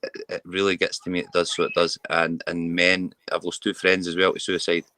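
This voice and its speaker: A man's voice: sits low, completely flat delivery, brisk, bright, forceful tone, no echo. A Scottish man speaking candidly as a guest about men's mental health, earnest and often repeating words as he restarts. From Scotland. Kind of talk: candid interview talk.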